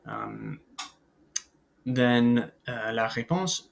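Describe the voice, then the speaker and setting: A mid-pitched man with a gravelly edge teaches a recorded beginner French lecture at normal speed. He explains in relaxed English peppered with "uh"s and "um"s, pausing to say French words and phrases aloud for students to repeat.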